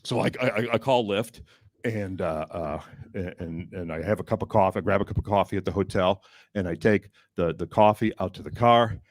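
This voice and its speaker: A male stand-up comedian telling a story on a comedy club stage, rambling with restarts and bursts of shouting. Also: sits low, normal speed, no echo, studio quality.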